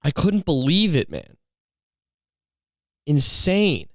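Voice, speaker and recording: A man's voice: a little high, huge pitch swings, takes it slowly, no echo. A man hosting a solo podcast, rambling through a story in a profane, incredulous way on a close mic. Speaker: podcast host.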